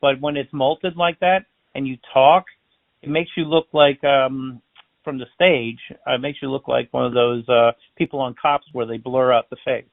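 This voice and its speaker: A man's voice: medium pitch, moderate pace, gravelly, no room sound. A man, a balloon artist and magician, telling stories in a casual interview, acting out the voices in them. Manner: chatty, animated storyteller acting out dialogue. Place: based in Florida. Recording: tinny phone-line sound.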